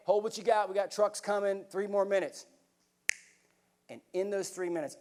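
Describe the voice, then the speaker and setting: Middle-aged male keynote speaker, fairly high voice, animated storyteller. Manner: vivid, animated storytelling with bursts of laughter. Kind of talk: storytelling talk to a live audience.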